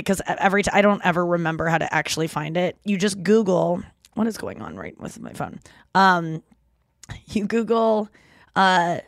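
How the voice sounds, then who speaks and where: A woman, co-hosting a podcast in casual, animated, rambling chat with frequent laughs. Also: mid-range voice, dry recording, studio quality. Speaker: podcast co-host.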